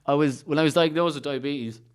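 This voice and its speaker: A young Irish man, a comedian, telling childhood stories in a casual podcast chat, swearing freely and animated. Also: fairly high pitch, a little fast, clear, resonant tone. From Ireland. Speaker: comedian guest.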